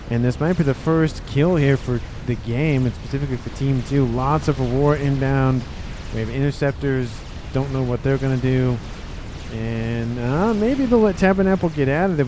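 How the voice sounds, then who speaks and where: A man calls a strategy game match with a mellow, warm tone and steady, measured play-by-play. He drops the odd wry aside as he goes, over a faint hiss behind him. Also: medium pitch. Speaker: game caster.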